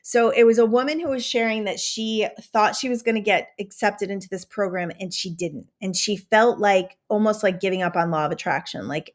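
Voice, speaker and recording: A woman hosting a podcast, giving a casual motivational talk with animated enthusiasm and a slight Southern American twang. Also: medium pitch, a little fast, hardly any pauses. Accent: drifting into a Southern American twang. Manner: animated, enthusiastic, conversational with many fillers. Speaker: podcast host and manifestation coach.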